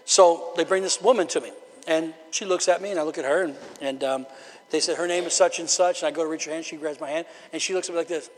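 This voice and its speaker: A man preaches to his congregation in an easy, storytelling way, now and then climbing into loud exhortations. His voice sits high for a man. The sound rings with the long reverb of a church hall. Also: steady tone, fast. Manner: conversational preaching with rising shouted bursts. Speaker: pastor. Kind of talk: sermon. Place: church sanctuary.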